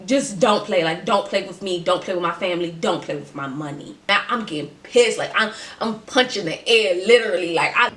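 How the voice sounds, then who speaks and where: A woman vlogger telling a personal story in casual, slangy chat, with emphatic and animated delivery. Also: fairly low pitch, brisk, hardly any pauses. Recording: echoey room.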